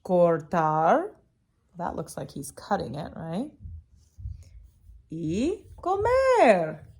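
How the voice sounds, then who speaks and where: A woman teacher reads a picture book aloud to young children at a gentle, unhurried pace. Her pitch swings up and down as she prompts the kids with encouraging questions. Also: big pitch swings, creaky, husky.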